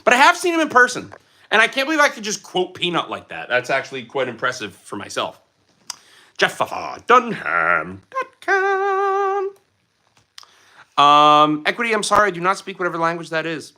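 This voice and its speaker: A man chatting loosely on his livestream, answering viewers' comments with goofy, joking energy. His voice is sharp and piercingly bright, sitting a little high, and it bounces all over the place as he talks. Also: very animated, fast talker. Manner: playful and goofy, slips into silly voices. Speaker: livestream host. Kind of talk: casual livestream chat reading comments.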